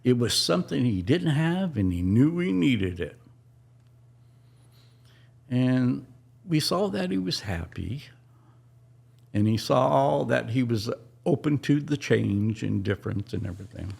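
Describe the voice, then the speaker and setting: A middle-aged man tells a personal story on a podcast in a halting, emotional way, often restarting his sentences. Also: mid-range voice, big pitch swings, gravelly, darkish tone, breathy edge.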